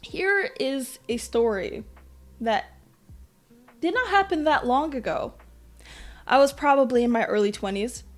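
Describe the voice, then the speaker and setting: Young woman podcast host, high voice, candid and self-mocking, acts out quotes. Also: a little slow, long pauses. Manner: candid, self-deprecating, with animated quoted asides. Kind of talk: personal storytelling. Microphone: podcast mic.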